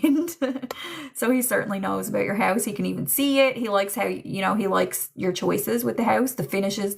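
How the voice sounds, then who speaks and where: A woman's voice: mid-range voice, gravelly. A woman hosting a live stream as a psychic medium, chatting casually, relaying spirit messages in quoted speech and laughing often. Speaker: psychic medium and livestream host.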